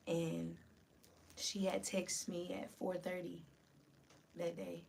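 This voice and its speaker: A woman guest on a podcast telling an emotional personal story in an animated way, full of "like". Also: on the low side, measured pace, gravelly, pauses often. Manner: animated, lots of "like", voices rising with the story. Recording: distant mic, faint room hiss.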